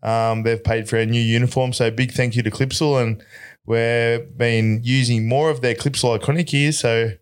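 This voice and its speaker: A man's voice: mid-range voice, steady tone, moderate pace, clear, resonant tone. A man with an Australian accent, a tradie guest on a podcast, talking in an easygoing way with lots of ums. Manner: easygoing, hesitant with fillers. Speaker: guest, electrician business owner. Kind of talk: casual chat.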